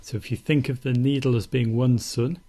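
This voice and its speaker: A man calmly teaching acupuncture technique in a steady, methodical instructional demonstration. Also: mid-range voice, normal speed. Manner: calm, steady, methodical explaining.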